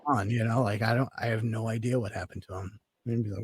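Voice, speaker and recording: Husky-voiced man telling a long story. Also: on the low side, brisk. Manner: rambling, filler-heavy, laid-back. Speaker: podcast guest telling a story. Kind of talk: casual storytelling.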